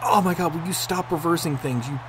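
A man commentating on his own gameplay, excitable, swearing and yelling at the game. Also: on the high side, a little fast, background noise. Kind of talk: let's play commentary.

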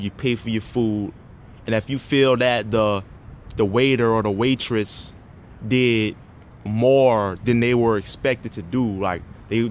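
A man's voice: mid-range voice, slight background noise. A man delivering a heated, profanity-filled rant to the camera, swearing constantly and repeating himself. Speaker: vlogger.

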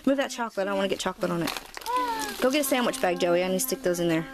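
A woman's voice: mid-range voice, rapid-fire, background noise. A woman chatting casually as a mom, gushing thanks while opening a package at home. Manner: gushing, warm thank-yous, chatty with her children. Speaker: mother opening a package on camera. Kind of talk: casual home vlog chat. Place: family home, indoors.

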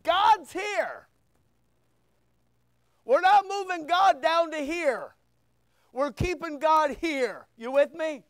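High-voiced preacher, slow and emphatic. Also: male voice, no echo. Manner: emphatic preaching with sudden loud bursts and quiet asides. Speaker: pastor. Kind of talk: sermon.

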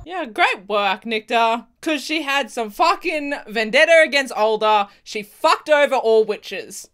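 A woman giving casual reaction commentary, excitable and swearing freely, with frequent laughter. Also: fairly high pitch, measured pace, clean tone. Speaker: video reactor.

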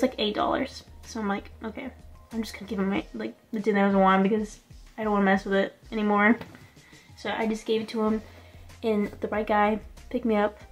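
A young woman vlogging from a small room, telling a story casually and filling her speech with "like". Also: medium pitch. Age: young adult. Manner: chatty, fills speech with "like". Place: small quarantine room indoors.

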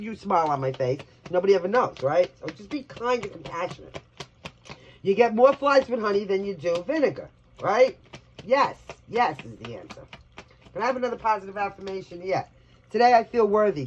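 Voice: mid-range voice, highs cut off, slight background noise. Blunt, salty Brooklyn tarot reader. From New York, Brooklyn. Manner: blunt, chatty, swears freely. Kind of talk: casual tarot reading for viewers.

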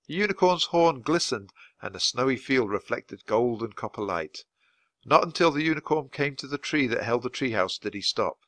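A man reading a children's storybook aloud at a natural, steady pace for learners. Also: mid-range voice, no room sound. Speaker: reader.

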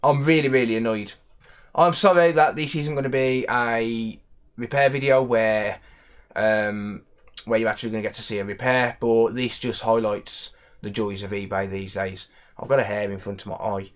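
A young man from England with a West Midlands accent speaks at normal speed, his medium-pitched voice holding a steady tone. He's an electronics repair technician ranting in a casual vlog, annoyed and repeating himself.

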